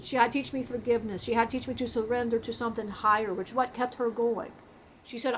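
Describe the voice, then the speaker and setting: A woman tells a personal spiritual story with deep feeling, pausing and restarting as she goes. Her voice sits slightly high. A faint room ambience runs under her words. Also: fairly even intonation, slight background noise, poor audio. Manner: halting, emotional, frequent restarts.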